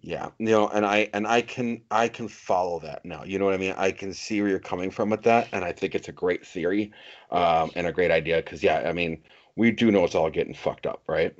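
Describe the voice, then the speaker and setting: A man co-hosting a podcast in casual chat, agreeable and hesitant, pausing often on ums and restarting his sentences. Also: sits low. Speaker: podcast co-host. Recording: dull lo-fi recording.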